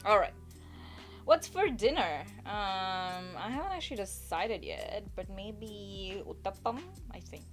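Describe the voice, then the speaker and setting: A woman's voice: mid-range voice, expressive, unhurried, faint music behind. A woman live-streaming, giving advice in a chatty, rambling, self-mocking way and reading her chat aloud.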